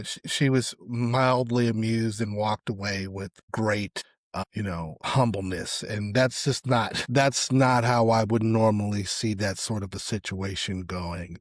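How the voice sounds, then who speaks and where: A middle-aged man hosting a solo podcast, giving casual, opinionated commentary on social media posts. His voice often drops away quietly at the end of phrases. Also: lowish voice, no room sound, studio quality. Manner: conversational, opinionated, trails off quietly at phrase ends. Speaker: podcast host.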